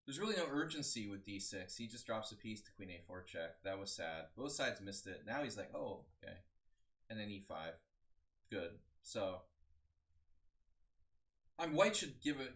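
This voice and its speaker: A man in his forties with a slightly low voice talks through chess games on a live stream. He rambles casually, stops to greet viewers, and drifts into side chat before going back to the moves. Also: a bit bright. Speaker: chess coach. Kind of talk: live-streamed game analysis.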